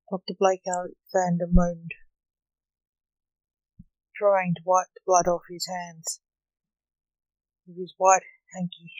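A reader narrating a story aloud in a slow, measured way. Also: mid-range voice, completely flat delivery, a little mellow, no room sound, muffled recording.

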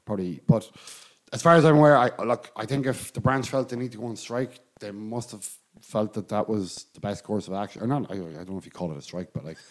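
A low-pitched Irish man who talks at a quick clip, chatting casually about sport. He rambles through anecdotes, often breaking into laughter. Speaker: podcast co-host.

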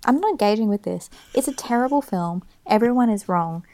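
A woman's voice: mid-range voice, lively intonation, a little fast, dark tone. A woman co-hosting a podcast, ranting bluntly and with exasperation in casual chat. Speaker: podcast co-host.

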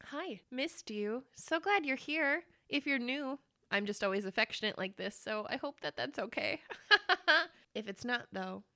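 A woman hosting her own podcast, chatting casually with lots of swearing, animated and playful, sometimes loud, sometimes dropping to a whisper. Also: a little high, normal speed, dry recording, studio quality. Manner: animated, swinging between loud and quiet. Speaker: podcast host.

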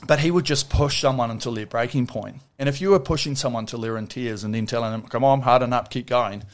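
Blunt New man, interview guest, swears freely, animated storyteller, mid-pitched voice. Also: fast. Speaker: interview guest, former Olympic rower. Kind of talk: casual interview chat.

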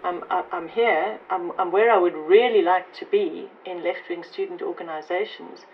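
A woman recounting her past in a recorded interview, halting and emotional, often repeating words. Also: on the low side. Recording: dull lo-fi tape with faint noise.

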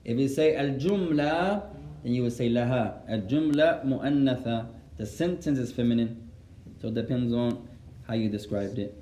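A man teaching a class, dictating and repeating each phrase slowly so students can write it down, translating line by line. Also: medium pitch, dark tone, roomy sound, slight background noise. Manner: translates line by line, patient and instructive. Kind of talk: classroom lesson, dictating for memorisation.

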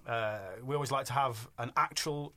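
A man's voice: medium pitch, moderate pace, pushed and bright. A man hosting a podcast, introducing guests with wry humour. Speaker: podcast host. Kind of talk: casual podcast chat.

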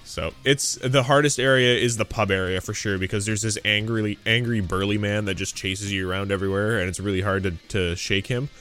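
A man with a lowish voice rambles through a loose gaming podcast chat, dropping swear words and laughing along the way. Faint music hums behind him. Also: steady tone, a little fast, hardly any pauses, fairly bright tone. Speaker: podcast host. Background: faint game audio and music.

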